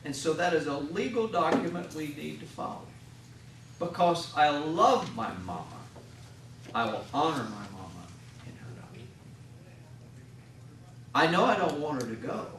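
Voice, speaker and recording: A man's voice: on the high side, lively intonation, measured pace, long pauses, fairly bright tone, a little hiss or hum. Folksy man teaching in an echoey classroom. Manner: folksy, acts out patients and family in little scenes. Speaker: hospital chaplain instructor. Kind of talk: classroom lecture. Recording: echoey room, mic at a distance.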